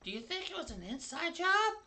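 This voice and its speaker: A man's voice: extremely high pitch, very animated, brisk, pushed and bright, pitched above the performer's own voice, full character voice. A man voicing a nervous male goblin prisoner who stammers anxiously.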